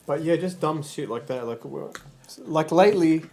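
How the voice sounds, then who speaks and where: A man's voice: fairly high pitch, moderate pace, darkish tone. A man livestreaming in casual chat, rambling and swearing, often stammering and restarting his sentences.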